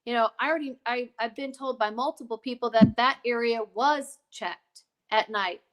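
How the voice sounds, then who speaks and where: High-voiced woman telling a story with many asides. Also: moderate pace. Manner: digressive, emphatic, many asides. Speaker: podcast guest. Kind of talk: casual conversational storytelling.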